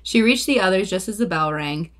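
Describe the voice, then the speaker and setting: A woman's voice: mid-range voice, expressive, brisk, fairly bright tone. A young woman reading aloud from her own early novel, breaking off now and then to laugh and joke about the writing. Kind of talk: casual read-aloud with asides.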